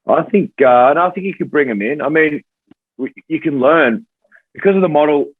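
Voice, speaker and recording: A man's voice: fairly high pitch, lively intonation, normal speed, husky, dry recording. An Australian man in his thirties, a podcast guest talking in an easygoing, casual way and laughing easily. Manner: easygoing, laughs easily, hedges with "I think" and "you know". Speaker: podcast guest, rugby player. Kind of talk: casual chat. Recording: dry tinny phone-like call audio.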